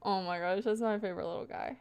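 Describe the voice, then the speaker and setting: A woman's voice: mid-range voice, fairly even intonation, fast talker, a little mellow, smooth. A young woman livestreaming, rambling casually to her chat with frequent laughs. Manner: chatty, rambling, laughs often, talks to chat.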